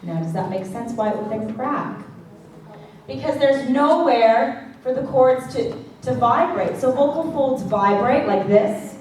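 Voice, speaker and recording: A woman's voice: sits high, expressive, a little slow, darkish tone, distant mic, a little hiss or hum. A woman teaching a singing class as vocal coach, chatty and checking in with the class often, with sung demonstrations. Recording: echoey classroom recorded from afar.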